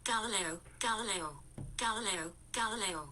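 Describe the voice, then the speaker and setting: A woman's voice as a female phone voice assistant with a New Zealand accent, calm and even, with synthetic phrasing. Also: mid-range voice, normal speed, lightly acted. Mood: sing-song. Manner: flat synthetic assistant phrasing, sings a rock song.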